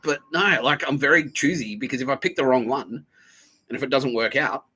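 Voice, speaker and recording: A young man with a bright, edgy voice and a husky grain, talking off the cuff. He swears freely, laughs at his own stories, and tosses in quick mimicked lines. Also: mid-range voice. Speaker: podcast host. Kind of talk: casual storytelling monologue.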